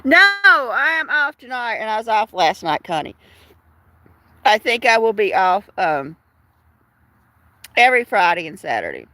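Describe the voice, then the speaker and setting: Reading out comments from viewers, the older live-stream host chats warmly outside in the evening, laughing and using fillers often. Her voice is on the high side and very animated, unhurried with long pauses, and has no echo.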